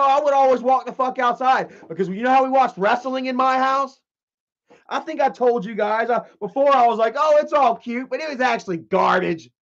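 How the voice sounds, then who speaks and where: A man's voice: extremely high pitch, fairly bright tone. A man hosting a livestream, telling a long, rambling story full of swearing and restarts. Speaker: livestream host. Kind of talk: casual livestream rant. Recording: dull lo-fi stream audio.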